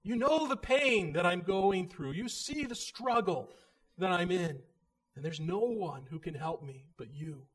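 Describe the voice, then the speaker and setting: Anguished man crying out in prayer, loud and high-pitched, as a preacher acts him out. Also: lively intonation, measured pace. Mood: desperate. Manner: urgent, loud pleading. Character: desperate man crying out to God.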